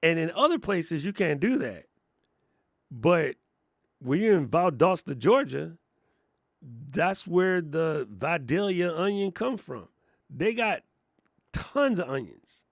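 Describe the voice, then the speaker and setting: A man hosting a casual livestream class on thumbnails, telling stories in slangy, animated talk and laughing often. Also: a little high, slow pace, long pauses, dry recording, clean studio sound. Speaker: host and content coach. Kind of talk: casual livestream teaching chat.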